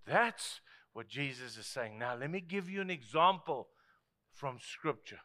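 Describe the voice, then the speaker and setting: A male pastor with a South African accent preaching a sermon, lively and swinging between loud asides and hushed tones. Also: medium pitch, unhurried. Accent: South African English.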